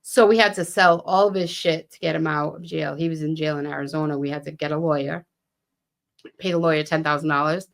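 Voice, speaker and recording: A woman's voice: low-pitched, fairly even intonation, a little fast, gravelly. A woman from Fall River, a podcast guest telling stories casually, swearing freely and acting out quoted dialogue. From Fall River, Massachusetts. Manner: frequent "um" and "you know what I mean". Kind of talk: casual storytelling.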